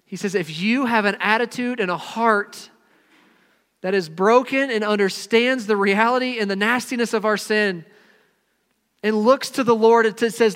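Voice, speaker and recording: A man delivers a sermon in an earnest, emphatic way. His voice sits high, and his stressed words swell before he drops to a near hush. A long reverb trails every phrase. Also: normal speed, smooth. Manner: earnest, emphatic, swings between loud stresses and quiet drops. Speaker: pastor.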